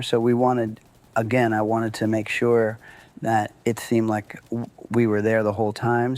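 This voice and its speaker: Here a man's mid-range, somewhat mellow voice carries a real story from his life. He keeps it casual and loose, using lots of fillers, cursing, and voicing the quotes of the people involved.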